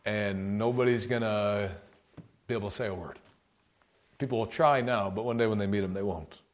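A man preaching a sermon, rebuking forcefully and reading scripture with emphasis. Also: on the low side, moderate pace.

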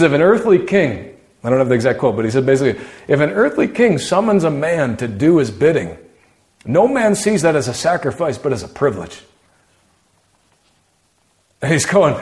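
In a slightly mellow voice, a man delivers a sermon as if in conversation, asking rhetorical questions. He repeatedly sinks to a low register to drive points home.

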